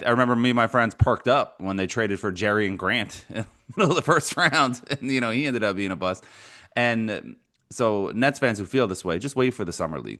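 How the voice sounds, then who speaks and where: A man co-hosting a sports talk podcast, telling animated stories and laughing as he goes. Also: fairly low pitch. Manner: animated storyteller, laughs often. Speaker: podcast co-host.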